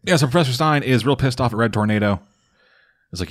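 A man casually recapping a comic book on a podcast, rambling and swearing often, with dry, deadpan asides. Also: medium pitch, quick pace. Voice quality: rambling, profane, deadpan summary. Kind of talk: casual chat.

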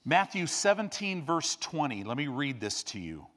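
A middle-aged male pastor preaching a sermon, dropping to hushed low asides and rising to loud peaks. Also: big pitch swings, normal speed.

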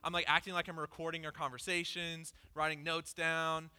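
A pastor giving a conversational sermon, candidly telling a personal story with lots of "like" fillers. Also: male voice, on the high side, little pitch movement, moderate pace, bright, forceful tone, clear, resonant tone. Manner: casual and candid, peppered with "like".

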